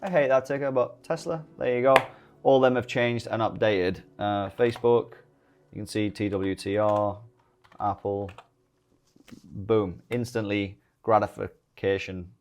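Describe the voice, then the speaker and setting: Jokey British man walking through software. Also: lowish voice, steady tone, measured pace, long pauses, slight background noise. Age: middle-aged. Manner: jokey, rambling asides. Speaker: day-trading YouTuber. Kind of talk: software walkthrough tutorial. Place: home desk early morning.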